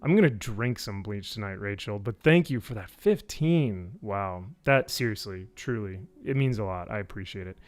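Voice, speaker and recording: A man in a casual live-stream review, talking in a sarcastic, animated way with many fillers. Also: normal speed, few pauses. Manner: animated, sarcastic, many fillers, mimics people with high voices. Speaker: YouTube reviewer.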